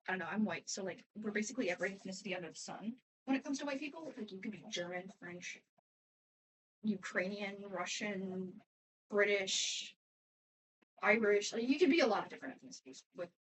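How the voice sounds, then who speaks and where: A woman's voice: medium pitch, far from the mic, slight background noise, rough recording. A teenage girl answering fan questions in a casual, rambling way, often trailing off and restarting. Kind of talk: casual chat.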